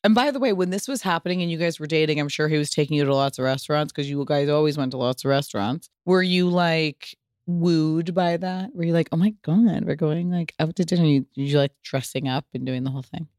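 Young woman podcast co-host, lively storyteller, dry close sound. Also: deep voice, a little fast, dry recording. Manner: animated storyteller, acts out voices loudly. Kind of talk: casual chat.

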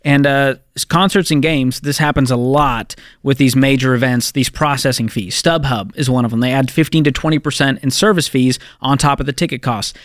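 A man co-hosting a call-in money show from a studio, chatting casually with wry jokes and quick asides. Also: mid-range voice, dry recording.

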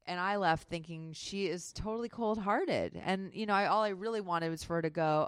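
A woman's voice: on the low side, lively intonation, normal speed, smooth, no echo, studio quality. A woman, an author being interviewed on a podcast, telling candid stories about her work with a self-deprecating touch. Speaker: author, guest.

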